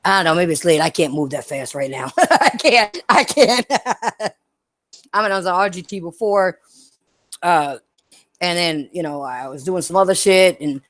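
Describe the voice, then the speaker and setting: A woman's voice: on the low side, no echo. A young woman streaming, ranting bluntly and profanely to her viewers, laughing often between points. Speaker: gaming streamer. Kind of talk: live-stream rant to chat.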